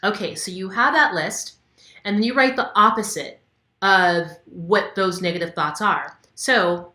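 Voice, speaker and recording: A woman's voice: mid-range voice, a little slow, bright, forceful tone, echoey room. A woman wellness coach talking casually to camera, candid and conversational with many fillers. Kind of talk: casual instructional talk to camera.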